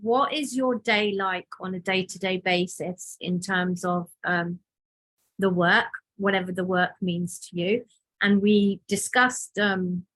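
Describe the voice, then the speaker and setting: Host: woman, mid-pitched, gentle hesitant questions, dry recording. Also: no echo. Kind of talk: interview questions.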